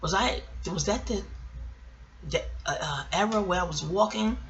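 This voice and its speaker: Speaking at a moderate pace in a mid-range voice, a middle-aged New Yorker with the accent to match tells a personal story to camera. She rambles candidly, swears freely and chuckles while talking, on a lo-fi recording.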